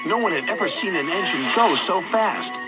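A man reading a children's railway story aloud with an expressive, animated manner. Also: sits high, moderate pace. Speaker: narrator. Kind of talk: storybook narration. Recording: loud music behind.

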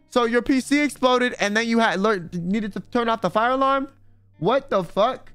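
A man's voice: extremely high pitch, normal speed, fairly bright tone, clean tone, dry recording, faint music behind. A man streaming in a casual chat, rambling and swearing freely, full of filler words. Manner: rambling, profane, full of "like" and "you know".

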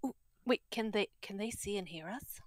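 A woman playing a tabletop role-playing game, joking and asking quick questions. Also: medium pitch, no echo. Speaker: player. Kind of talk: casual tabletop role-play.

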